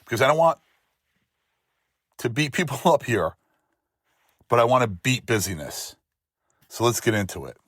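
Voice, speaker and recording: A man's voice: mid-range voice, sing-song, normal speed, long pauses, fairly bright tone, slightly rough, no echo, studio quality. A man hosting a faith-based motivational monologue, speaking emphatically in rhythmic lists of short phrases. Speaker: host.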